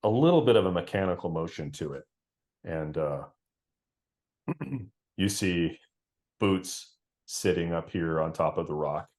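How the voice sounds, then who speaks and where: Deep-voiced man running a tabletop game. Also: measured pace, long pauses. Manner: relaxed, laughs often. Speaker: game master.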